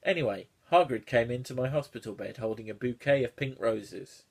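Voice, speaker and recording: Male YouTuber, husky mid-pitched voice, sarcastic comic read-through. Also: a little fast. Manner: sardonic, swearing, laughing asides. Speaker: YouTuber reviewing fan fiction. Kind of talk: comedic read-through commentary.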